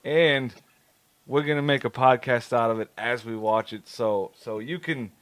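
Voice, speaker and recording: A man co-hosting a podcast, rambling through casual chat, cursing freely and laughing along the way. His voice sits at a middling pitch, and the recording is dry and close. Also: unhurried, fairly bright tone, smooth, no echo. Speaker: podcast co-host.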